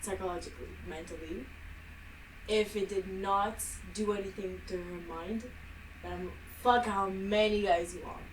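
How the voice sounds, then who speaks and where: A woman co-hosting a casual podcast chat, teasing and quick with giggly asides. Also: medium pitch, steady tone, recorded from a distance, a little hiss or hum, low-quality recording. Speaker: podcast co-host.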